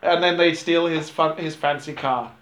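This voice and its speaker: A man recapping a movie plot in a casual, rambling, profane way, sometimes dropping into quick character voices. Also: on the high side, fairly even intonation, a bit bright. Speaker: podcast host recapping a film. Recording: echoey room.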